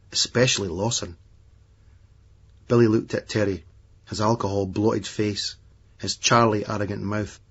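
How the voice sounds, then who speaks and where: A man reading a novel aloud as a narrator, in a measured, matter-of-fact way. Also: lowish voice, breathy edge. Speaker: audiobook narrator. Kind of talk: scripted narration. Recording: dull lo-fi remastered audiobook.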